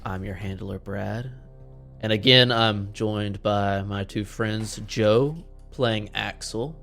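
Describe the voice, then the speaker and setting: A man's voice: fairly low pitch, fairly even intonation, slow, vocal fry, fairly bright tone, faint music behind. A man hosting a tabletop game as its game master, laid-back in manner.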